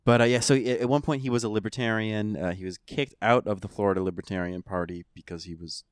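A man's voice: fairly low pitch, steady tone, fast talker, clean tone, no echo, clean studio sound. A man co-hosting a podcast, chatting casually in a rambling, sarcastic way. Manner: rambling, sarcastic, lots of fillers. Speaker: podcast co-host. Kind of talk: casual chat.

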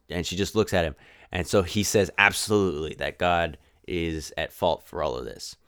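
A man's voice: on the low side, clean tone, dry recording, studio quality. A man giving a casual, rambling spoken film review. He sounds exasperated and sarcastic, and he often restarts his sentences.

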